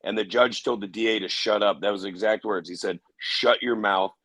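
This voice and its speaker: Guy with a lowish voice telling his story in an interview, lots of restarts, dry close sound. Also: fairly even intonation, fairly bright tone, dry recording, rough recording. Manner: halting, many restarts and fillers. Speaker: interview guest.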